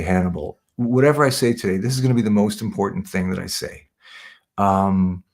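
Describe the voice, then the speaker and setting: A man from Canada, a voice artist being interviewed, telling a story in a rambling, self-correcting way and often repeating "yeah, yeah". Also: fairly low pitch.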